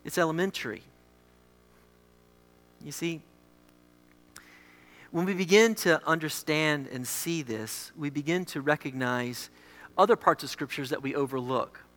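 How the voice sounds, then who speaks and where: A male pastor delivers a sermon with a bright, ringing tone, leaning hard into emphatic lines and then dropping to quiet asides. His voice echoes with a long reverb across a church sanctuary. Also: fairly high pitch, measured pace, long pauses. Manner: emphatic, swings between loud declarations and quiet asides.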